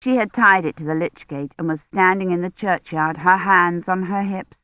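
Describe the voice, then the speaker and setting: A woman narrating an audiobook in a measured, steady reading. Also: on the low side, no room sound. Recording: dull dry audiobook recording.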